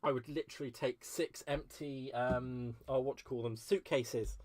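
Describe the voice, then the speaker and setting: A man with a mid-range, somewhat dark voice talks at a normal pace with fairly even intonation. He's hosting a crafting livestream from his craft space at home, chatting casually and gushing while he answers viewer comments.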